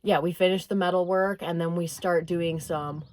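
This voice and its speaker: Young woman rambling through her vlog, kinda low voice, jokes at herself. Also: fairly even intonation, moderate pace, a little mellow, slight background noise. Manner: rambling, self-deprecating, talks to herself. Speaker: vlogger. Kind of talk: casual chatty vlog narration.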